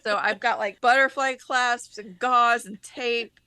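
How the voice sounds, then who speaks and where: Woman, podcast co-host, casual storytelling, bright tone, dry close sound, laughs often. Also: fairly high pitch, fairly even intonation, a little slow, smooth, dry recording. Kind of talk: casual chat.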